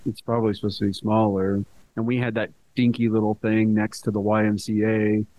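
A man's voice: lowish voice, completely flat delivery, a little fast, mellow, slight background noise. A young adult man co-hosting a podcast, rambling and hedging in casual chat with lots of fillers. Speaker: podcast co-host.

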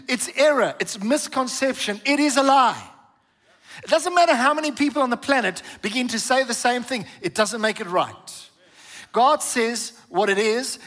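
A man preaching a sermon as pastor, emphatic and building to forceful peaks, calling on the congregation to repeat after him. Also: high-pitched. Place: church hall. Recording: reverberant church hall.

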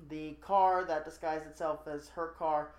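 A podcast co-host in casual chat, recapping a movie plot in a rambling, joking way with lots of fillers and quick asides. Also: medium pitch, fairly even intonation, darkish tone. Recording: roomy echo.

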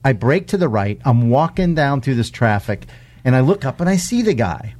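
A man's voice: medium pitch, sing-song, normal speed, a little mellow. Wry storytelling man. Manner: storytelling, wry and self-deprecating. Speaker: podcast co-host. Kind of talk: casual chat. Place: Texas.

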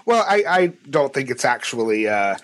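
A man co-hosting a podcast in casual chat, halting and often repeating his words as he talks. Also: medium pitch, very animated, a bit bright. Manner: halting, with frequent word repeats. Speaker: podcast co-host.

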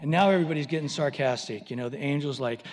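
A man's voice: on the high side, fast, in a large hall, background noise. A man preaching a sermon, telling a story animatedly and acting out voices.

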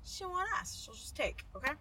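A woman co-hosting a podcast in casual chat, telling an animated story, swearing freely and acting out the people in it. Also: sits high, a little fast, far from the mic, a little hiss or hum, poor audio. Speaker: podcast co-host.

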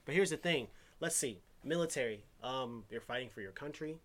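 A man co-hosting a casual podcast chat, loud, excitable and profane. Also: medium pitch, a little fast. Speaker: podcast co-host.

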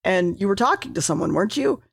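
A woman's voice: mid-range voice, sing-song, quick pace, gravelly, slightly rough, no room sound, clean studio sound, full character voice. A woman quoting an exasperated young woman companion in her own everyday voice, full of blunt, sweary retorts.

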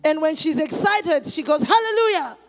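A woman preacher, perhaps in her thirties, giving a sermon that moves from quiet personal testimony to shouted calls to the congregation. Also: high voice, expressive, measured pace, faint music behind.

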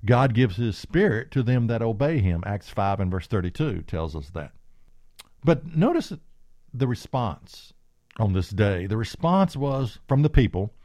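Earnest preacher man with a lively voice. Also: on the low side, normal speed, no echo. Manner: earnest, emphatic, quotes scripture aloud. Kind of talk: sermon.

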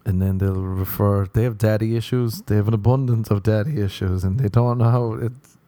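Sunburnt and rambling, this Irish comedian tells playful, foul-mouthed stories on his podcast, slipping into mocking voices when quoting others. He speaks at a moderate pace with a fairly low, mellow voice and fairly even intonation, with no room sound.

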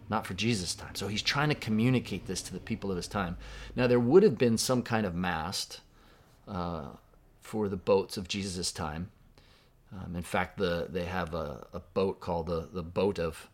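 A deep-voiced man preaching a sermon. He talks in a conversational way and asks his congregation questions as he goes. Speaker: pastor.

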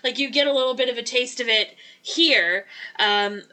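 A woman's voice: a little high, normal speed, sharp tone. A woman chatting casually about a movie as a podcast co-host, enthusiastic and rambling with frequent restarts. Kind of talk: casual movie review chat.

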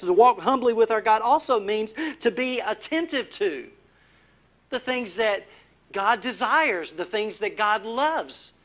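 A man preaching a sermon as pastor, putting questions to the congregation and dropping to a hush on key words. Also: extremely high pitch. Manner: asks the congregation questions, drops to a hushed voice for emphasis.

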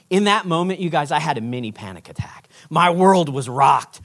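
Man, pastor, sermon, animated storytelling, lively swinging pitch. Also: a little fast, hardly any pauses. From Texas. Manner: storytelling, animated, acts out quotes.

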